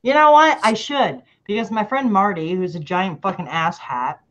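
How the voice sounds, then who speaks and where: A woman hosts a casual video-call chat in a middle-pitched voice. She is blunt and profane, and she laughs often. The call audio is dull and lo-fi. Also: normal speed, a bit bright. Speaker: host.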